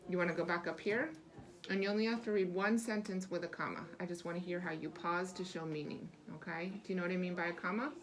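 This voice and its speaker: A woman's voice: fairly low pitch, fairly even intonation, quick pace, a little hiss or hum. A woman reading teacher leading a small-group lesson, encouraging and lavish with praise, asking patient questions and explaining step by step.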